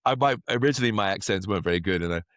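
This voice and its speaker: A man with an English accent, a podcast guest, chatting casually in a rambling, animated way. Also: lowish voice, very fast, no echo, clean studio sound. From England. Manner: rambling, animated storyteller who acts out quotes. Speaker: podcast guest, actor and magician. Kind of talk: casual interview chat.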